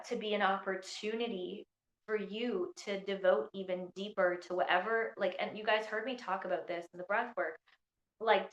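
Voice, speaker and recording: A woman leading an online training through her phone, talking in a bubbly, excitable way with lots of "like.". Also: medium pitch, roomy sound. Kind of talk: live online workshop talk. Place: indoors in Scotland during a storm.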